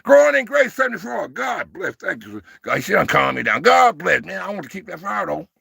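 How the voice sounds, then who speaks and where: A man's voice: high-pitched, very animated, fairly quick, vocal fry, sharp tone, slightly rough, no room sound, clean studio sound. A man in his sixties hosting a casual livestream, speaking in a folksy, preacher-like way, calling viewers baby and brother, and getting fired up and playful with his chat. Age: 60s. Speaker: livestream host.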